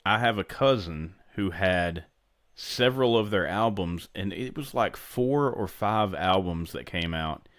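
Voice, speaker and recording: Deep-voiced man chatting about wrestling. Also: animated, a little slow, fairly bright tone, no echo, clean studio sound. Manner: rambling, self-interrupting. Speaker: podcast co-host. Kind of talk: casual wrestling chat.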